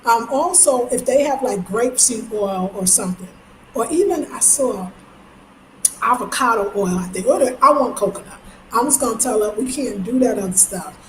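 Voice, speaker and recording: A middle-aged woman from Brooklyn, telling stories in a chatty, animated vlog and acting out the people she quotes. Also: a little high, moderate pace. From Brooklyn, New York. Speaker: travel vlogger. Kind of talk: casual vlog monologue. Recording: roomy echo with faint background noise.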